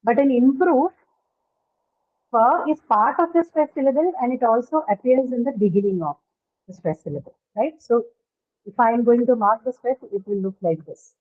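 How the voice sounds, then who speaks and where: A woman's voice: a little high, moderate pace. A woman teaching phonetics in an online class, explaining step by step and quizzing her students. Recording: tinny phone-like call audio.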